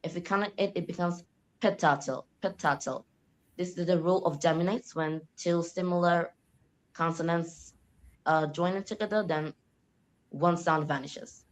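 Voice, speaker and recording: A woman's voice: on the low side, steady tone, moderate pace, low-quality recording. A young woman, a student, answering spoken exam questions on pronunciation, explaining with frequent "like" and small restarts. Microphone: online call.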